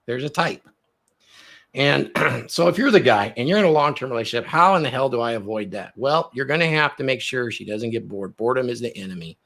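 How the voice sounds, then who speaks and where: Husky guy coaching on dating, animated, acts out scenes while he talks. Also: medium pitch, a little fast. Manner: animated, acts out quoted lines. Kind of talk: podcast chat.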